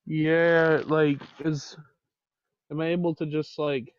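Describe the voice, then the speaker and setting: A man's voice: a little high, little pitch movement, slow, smooth, muffled recording. A man playing a tabletop game over voice chat, thinking aloud in a hesitant way. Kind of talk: casual play over voice chat.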